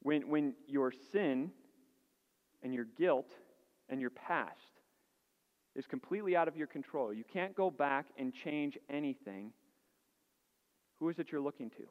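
An earnest male pastor preaching with a fairly high voice, building up emphasis and asking rhetorical questions. His voice rings with a long hall echo, and the recording is dull. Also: a little slow, pauses often. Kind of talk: sermon.

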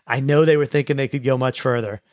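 A man's voice: mid-range voice, fast, dry recording, clean studio sound. A man hosting a school sports show, chatting casually through results and often restarting his sentences. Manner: relaxed, with frequent restarts and repeated words. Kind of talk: casual sports recap chat.

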